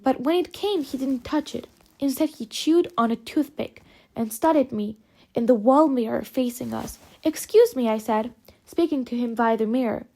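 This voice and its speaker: A woman reading an audiobook aloud, narrating in measured, phrase-by-phrase delivery. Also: on the high side, dark tone. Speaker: audiobook reader. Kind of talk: scripted narration.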